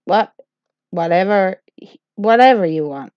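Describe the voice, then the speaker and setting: A woman's voice: medium pitch, expressive, a little slow, clean tone, dry recording. A woman telling a comic first-person story in a rambling, self-deprecating, playful way. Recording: dull lo-fi dry recording.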